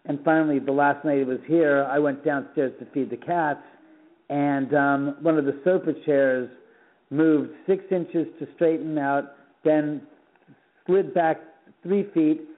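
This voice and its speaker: A middle-aged man from Los Angeles, a radio guest telling animated stories and acting out the dialogue, often repeating words as he goes. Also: on the high side, measured pace. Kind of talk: phone interview, storytelling. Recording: tinny phone line.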